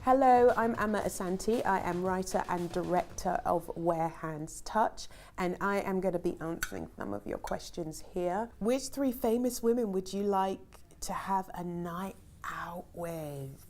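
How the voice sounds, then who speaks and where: A woman's voice: medium pitch, animated, normal speed, few pauses, a little mellow, a little hiss or hum. A middle-aged woman, a film director, reads interview questions aloud and answers them in a chatty, rambling way with lots of ums and easy laughter. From Ghana.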